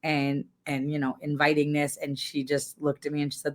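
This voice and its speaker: Woman, low-pitched, earnest guest, chatty storytelling full of restarts, voice lifts when moved. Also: little pitch movement, normal speed, hardly any pauses. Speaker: guest, farmer and former restaurateur. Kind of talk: emotional conversational storytelling.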